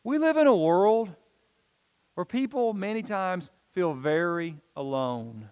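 Pastor guy preaching, high voice, earnest and emphatic, long echo like a big church. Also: animated, slow pace, a little mellow, smooth. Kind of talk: sermon.

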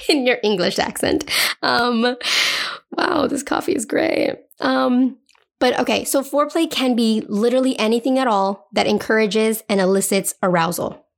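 A woman's voice: a little high, vocal fry. A woman hosting a podcast in a casual solo chat, playful and chatty, often checking in with the listener. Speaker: podcast host.

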